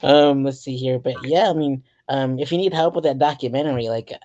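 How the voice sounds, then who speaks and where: A woman hosting a casual comedy interview, eager and quick to chime in with agreement. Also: rumbling low, warm tone. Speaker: podcast host. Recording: slightly dull lo-fi audio.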